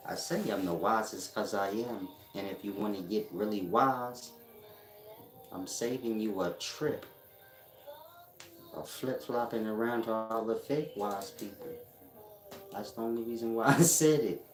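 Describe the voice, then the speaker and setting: Low-voiced boastful man lecturing in an echoey room. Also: unhurried, faint music behind. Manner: boastful, lecturing, slangy, laughs between points. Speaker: spiritual teacher. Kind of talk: casual monologue to viewers. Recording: echoey room with faint ambience.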